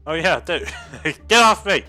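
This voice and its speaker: A man's voice: a little high, moderate pace, soft background music. A man hosting his gaming channel, bantering casually and yelping and laughing a lot over the gameplay. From United Kingdom. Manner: excitable, yelps and laughs a lot.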